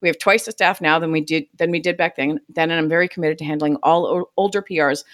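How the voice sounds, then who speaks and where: A woman, a podcast guest who created open source software, telling a story in a casual chat, acting out quotes and swearing casually. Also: low-pitched, steady tone, fast talker.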